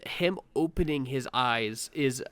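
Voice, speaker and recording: Picture a man with a smooth, resonant voice recorded close and dry, talking through a review in easy podcast chat. He is relaxed and unpolished, swearing freely and leaning on fillers as he thinks aloud. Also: mid-range voice, slow pace, dry recording. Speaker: podcast co-host.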